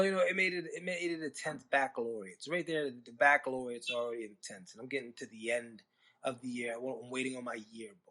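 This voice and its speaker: On a podcast mic, a male host with a sharp-toned, mid-range voice tells stories in a loose, chatty way. He keeps slipping in sarcastic remarks as he goes.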